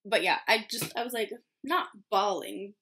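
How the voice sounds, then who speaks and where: Speaking to the camera at home, a twenty-something medical student recounts a story in a loose, filler-heavy way, often laughing at her own expense. Her medium-pitched voice is expressive and sharp at a moderate pace, recorded on a camera mic with slight background noise.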